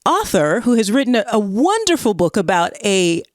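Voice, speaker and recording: A woman with a Southern American accent co-hosting a comedy podcast in casual chat, bubbly and quick to laugh. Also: sing-song, dry recording, studio quality. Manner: bubbly, laughs often, swoops up high. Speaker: podcast co-host.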